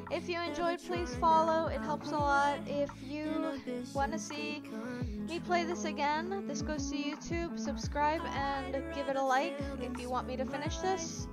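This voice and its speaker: A woman streaming a game, talking to herself and repeating words in quick strings, with bursts of frustrated outcries. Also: sits high. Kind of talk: casual live-stream gameplay commentary. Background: loud music.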